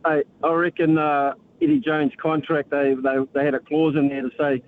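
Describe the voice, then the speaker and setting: Jovial New Zealand caller on phone line. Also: male voice, a little high, level tone, normal speed, few pauses. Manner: jovial, rambling. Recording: tinny phone line with faint hiss.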